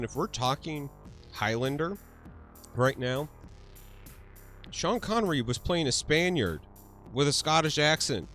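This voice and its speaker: A man's voice: fairly high pitch, expressive, unhurried, long pauses, a bit bright, faint music behind. A man hosting a casual livestream, laughing often, swearing freely and answering his chat. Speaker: livestream host.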